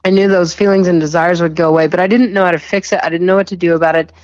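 Woman guest, low voice, earnest and halting, testimony in conversation; dull, dry recording. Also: steady tone, dry recording. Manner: earnest, halting, often repeats words and laughs softly. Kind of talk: personal faith testimony in conversation.

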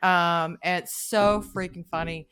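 A woman's voice: lowish voice, steady tone, measured pace, fairly bright tone, smooth. A woman hosting a podcast, chatting in a bubbly way with many hesitations. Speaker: podcast host. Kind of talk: casual podcast chat.

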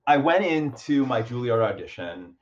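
A young man tells a story in an easygoing chat, full of fillers and restarts, at a mid-range pitch. He's animated and pokes fun at himself. The recording is a bit dull and lo-fi. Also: normal speed. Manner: animated, self-deprecating, many fillers and restarts. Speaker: guest. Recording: dull lo-fi sound.

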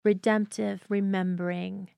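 A woman with a mid-range voice gives a devotional teaching, earnest and reflective, and reads passages aloud at an unhurried pace. Her voice sounds close and dry, with no room around it. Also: mid-range voice, level tone, creaky, mellow, clear, resonant tone, no room sound. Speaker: host of a devotional teaching show.

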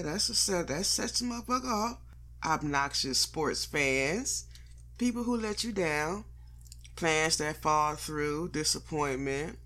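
A man's voice: on the high side, bright, forceful tone. A man delivering a profane, sarcastic comedic monologue in blunt slangy speech, as the host.

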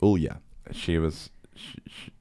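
Podcast host, man, extremely deep voice, casual rambling storyteller, crude and self-deprecating. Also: slow pace, mellow, no room sound. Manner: rambling, profane, self-mocking with quoted impressions.

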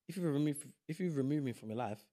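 A man's voice: a little high, fast talker. A young man from South East London with a London accent, a podcast guest chatting casually and emphatically. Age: young adult. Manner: animated, emphatic, slangy. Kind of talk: casual chat.

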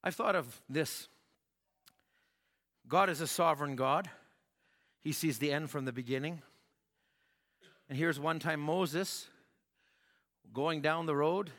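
A man preaching a sermon in a church hall, telling stories with animation, acting out voices and rising to shouts. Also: a little high, takes it slowly, long pauses. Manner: animated storytelling, acts out voices, rises to shouts. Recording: long hall reverb.

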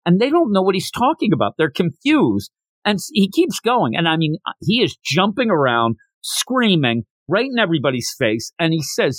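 Male podcast host, casual story recap, lively pitch, dry close-miked sound. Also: normal speed, no echo. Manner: animated storytelling, retells dialogue, laughs. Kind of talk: casual manga chapter recap.

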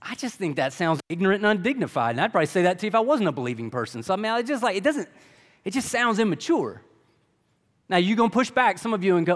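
A man's voice: high voice, sing-song, quick pace. A man preaching a sermon in a conversational style, full of rhetorical questions. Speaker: pastor. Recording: long reverb of a large hall.

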